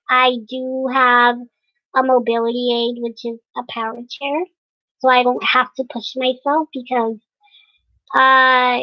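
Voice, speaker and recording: A young woman vlogging casually to camera, hesitant and pausing often with fillers. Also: fairly high pitch, no room sound. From United States. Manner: hesitant, many fillers and pauses. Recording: dry, dull lo-fi sound.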